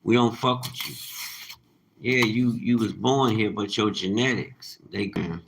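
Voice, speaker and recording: A man's voice: lowish voice, a little slow, creaky. A man giving a blunt, profane, preachy rant to his viewers, in a noisy recording. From United States. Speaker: self-described teacher. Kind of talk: casual ranting monologue.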